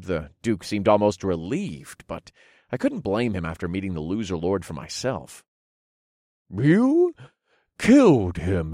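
Lively, low-voiced male fantasy narrator. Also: no echo, studio quality. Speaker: audiobook narrator. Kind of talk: first-person fantasy narration.

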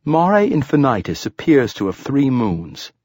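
A man voicing a calm, formal male android companion who speaks in a measured, precise way. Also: medium pitch, breathy edge, dry recording, pitched above the performer's own voice, full character voice. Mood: informative.

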